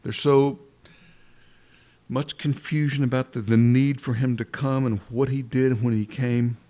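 A man preaching a sermon, earnest and fervent, with frequent repeated phrases and halting restarts. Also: medium pitch, steady tone, mellow.

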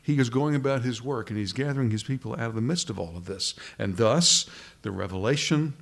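A pastor preaching a sermon in a conversational way, often restarting phrases and asking rhetorical questions. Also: male voice, medium pitch, a little fast, vocal fry.

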